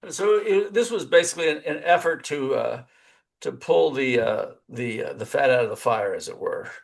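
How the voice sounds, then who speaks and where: Gravelly, halting male professor asking questions. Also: medium pitch, lively intonation. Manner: halting, many uh's and restarts. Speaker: professor, interviewer. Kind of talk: webinar interview questions.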